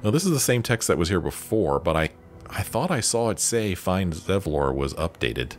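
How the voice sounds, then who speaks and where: A man's voice: low-pitched, very animated, normal speed, slight background noise. A man hosting a let's play, chatting casually and reading dialogue options aloud. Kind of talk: casual game commentary. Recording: faint game music behind.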